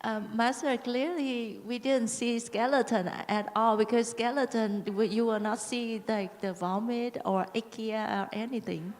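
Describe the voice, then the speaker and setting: A woman student speaking hesitantly, with halting starts, during a lecture. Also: a little high, fairly even intonation, darkish tone. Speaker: student asking questions. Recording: long hall reverb.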